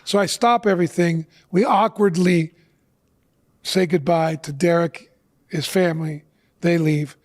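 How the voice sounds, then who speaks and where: A man's voice: a little high, fairly even intonation, unhurried, darkish tone. A middle-aged man telling a personal story as a guest on an interview show, earnestly acting out the lines of the people in it.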